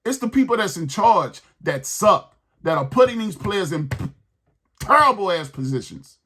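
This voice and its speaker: A man's voice: high-pitched, very animated, normal speed, pushed and bright, slight background noise. A man hosting a sports podcast, ranting in a heated, exasperated way and repeating his points.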